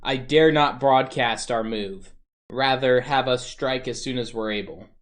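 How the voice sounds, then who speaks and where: Man doing a stern commander in a tabletop game, formal and measured, mid pitch. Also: a bit bright, natural voice. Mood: firm.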